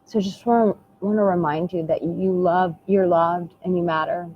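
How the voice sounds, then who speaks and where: A woman's voice: lowish voice, fairly even intonation, normal speed. An American woman coach speaking earnestly and intimately to the camera, repeating her phrases and calling the listener "my darling". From United States. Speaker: dating and relationship coach. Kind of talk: heartfelt motivational talk to camera. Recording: dull lo-fi sound with faint background hiss.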